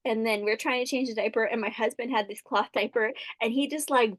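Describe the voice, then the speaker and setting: A woman in her thirties hosts a podcast, bubbly and eager as she swaps stories with a friend. Her voice sits a touch high. The recording is dry and close. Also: steady tone, fast talker, dry recording. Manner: enthusiastic, laughing, storytelling. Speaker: podcast host. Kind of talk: casual chat.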